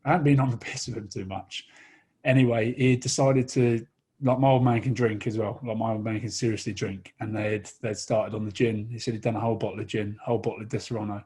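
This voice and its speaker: An Englishman in his thirties, a rugby player, telling a long funny anecdote in casual chat, animated and quick to laugh. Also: on the low side, breathy edge.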